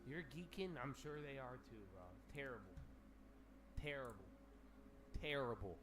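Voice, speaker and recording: A man hosting a casual livestream, ranting in an animated, profane way with lots of slang. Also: medium pitch, moderate pace, noisy background. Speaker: livestream host.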